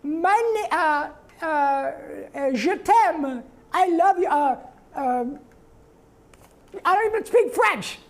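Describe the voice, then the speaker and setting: A man voicing a nerdy, whiny cartoon boy with a nasal, drawn-out delivery. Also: extremely high pitch, lively intonation, voice pushed up, full character voice. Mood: goofy.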